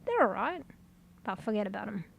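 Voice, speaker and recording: A woman's voice: mid-range voice, big pitch swings, a little fast, vocal fry, husky, full character voice. Woman voicing a whiny grumbling house cat.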